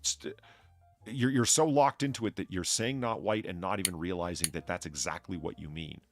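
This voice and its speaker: A man hosting a casual political chat, blunt and profane, telling stories with animated back-and-forth. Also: low voice, normal speed, faint music behind. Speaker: podcast host.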